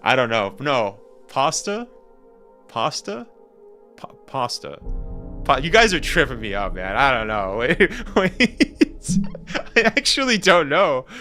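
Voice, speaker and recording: A young Canadian man with a Canadian accent, rambling and excitable in casual live-stream chat with slang. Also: medium pitch, unhurried, faint music behind. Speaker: gaming streamer.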